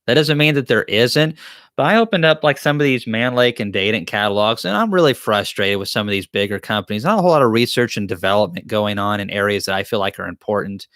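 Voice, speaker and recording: A man's voice: fairly low pitch, fairly bright tone, dry recording, studio quality. A man hosts a live-stream Q&A, reading chat questions aloud and answering them in a joking, rambling, self-deprecating way. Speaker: beekeeping channel host.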